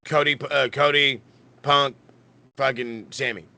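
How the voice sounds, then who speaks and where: Man, wrestling podcast co-host, bright voice, swears a lot, stammers and restarts. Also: mid-range voice, fairly even intonation, measured pace, gravelly. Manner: rambling, profane, stammering restarts. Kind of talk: casual wrestling chat.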